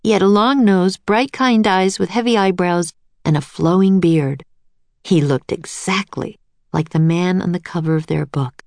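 A woman reading a children's storybook aloud as narrator, in an even, clear read-aloud manner. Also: on the low side, normal speed, no echo.

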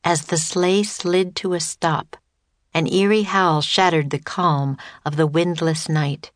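A woman narrating a children's story audiobook in a clear, steady way. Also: deep voice, slow pace, dry recording.

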